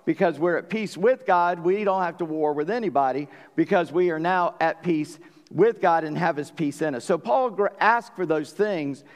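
A man preaching a sermon as pastor, talking in a folksy, conversational way and often asking the congregation if they follow. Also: sits high. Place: church sanctuary. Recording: long reverb of a church hall.

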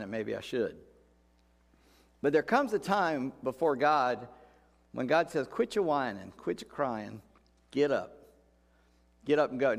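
A man's voice: mid-range voice, long reverb tail. A male pastor preaching a sermon in a folksy, conversational way, repeating key phrases for emphasis.

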